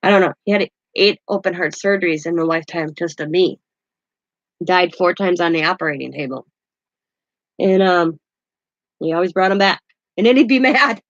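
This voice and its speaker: A woman's voice: fairly low pitch, moderate pace, long pauses, no echo. A woman vlogging on her craft channel, chatting casually and rambling through a long story with many restarts. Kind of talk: casual chat. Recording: dull lo-fi sound.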